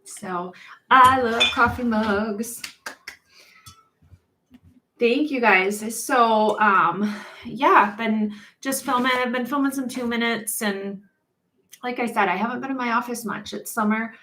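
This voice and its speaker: A woman's voice: a little high, slow, long pauses, bright, forceful tone, a little hiss or hum. Chatty laughing woman on a live stream. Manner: chatty and upbeat, laughs often between thoughts; rambling with frequent ums and restarts. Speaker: mortician hosting a live chat. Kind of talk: casual live-stream chat.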